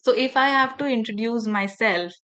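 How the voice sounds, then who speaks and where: A woman's voice: a little high, normal speed, fairly bright tone, dull audio. A woman trainer leading an online workshop for teachers over a video call, engaging and often asking the audience questions. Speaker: faculty development trainer.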